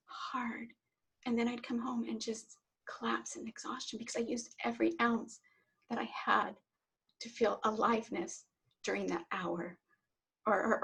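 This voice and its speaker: A woman's voice: a little high, creaky, a bit bright, husky, rough recording. A middle-aged woman, a guest on an interview show, earnestly telling her own story and often repeating words as she starts a sentence. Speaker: interview guest, Reiki teacher. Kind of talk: personal story in conversation.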